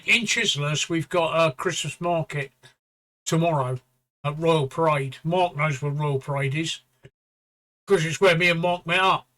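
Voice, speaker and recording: A man's voice: fairly high pitch, moderate pace, pushed and bright. Blunt, sweary man. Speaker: stream host. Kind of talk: casual live-stream chat.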